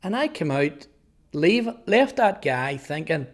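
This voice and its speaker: A man in his fifties with a Northern Irish accent, earnestly telling his life testimony, halting at times over repeated words. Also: a little high, big pitch swings. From Northern Ireland. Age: 50s. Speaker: testimony speaker. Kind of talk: personal testimony storytelling.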